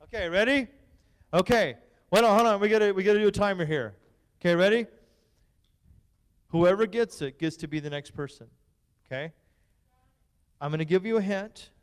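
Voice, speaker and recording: Brief: high, clear-voiced man as a youth pastor, teasing and bossing the kids through a game, church hall echo. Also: moderate pace, long pauses. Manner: playful, teasing, bossy with the kids. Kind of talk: lively youth-group game hosting. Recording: long hall reverb.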